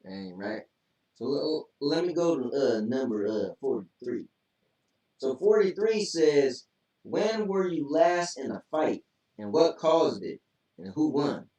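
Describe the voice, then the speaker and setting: A man co-hosting a casual show, reading out listener comments slowly and often laughing along. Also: on the high side, lively intonation, mellow, highs cut off. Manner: slow, laughs while reading. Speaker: co-host. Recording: echoey room, far from mic.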